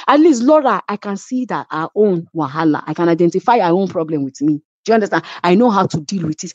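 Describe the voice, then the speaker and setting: Woman, Nigerian English accent, lively swooping pitch, emphatic storytelling, dull lo-fi sound. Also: fast, few pauses, no echo. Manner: emphatic, acts out others' quoted lines. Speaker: reality show cast member, guest. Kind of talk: animated storytelling.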